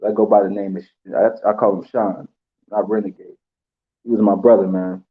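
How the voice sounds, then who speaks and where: Man, emotional, halting speech with fillers, fairly low voice, dull lo-fi sound. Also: level tone. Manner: halting, many pauses and fillers. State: emotional, holding back tears. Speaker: channel host. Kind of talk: emotional tribute monologue.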